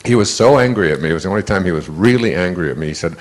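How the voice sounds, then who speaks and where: An older man speaks from a lecture stage in a somewhat low voice. He tells stories in a loose, conversational way, repeating and restarting his words as he goes. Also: animated, very fast. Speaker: motivational speaker. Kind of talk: storytelling lecture.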